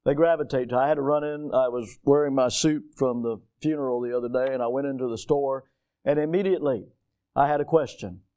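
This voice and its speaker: Mellow-voiced man preaching a sermon. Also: mid-range voice, steady tone, a little fast. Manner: preaching, rising to emphatic declarations, reads scripture aloud. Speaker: pastor.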